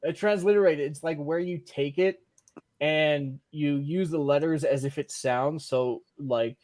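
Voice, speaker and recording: A man hosting a live-streamed show, reading out chat messages and giving loose, joking shout-outs. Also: on the high side, a little slow. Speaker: podcast host.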